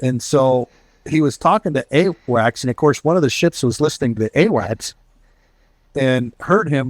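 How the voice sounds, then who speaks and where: Lively intonation marks this middle-aged man's mid-range voice as he speaks at a moderate pace in a dry recording. He's a retired military pilot and author recounting casual war stories to an audience, acting out quoted voices.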